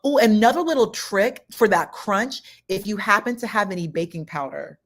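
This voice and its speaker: A woman's voice: medium pitch, lively intonation, moderate pace. Woman patiently explaining cooking steps. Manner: instructive, explains step by step. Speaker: co-host. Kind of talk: casual chat, giving cooking tips.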